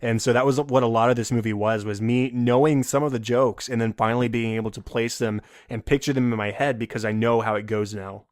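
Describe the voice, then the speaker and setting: A man co-hosting a podcast, leading a relaxed conversation. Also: mid-range voice, fairly quick, hardly any pauses, no room sound, studio quality. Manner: relaxed, conversational, leads the discussion. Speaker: podcast co-host. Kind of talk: casual chat.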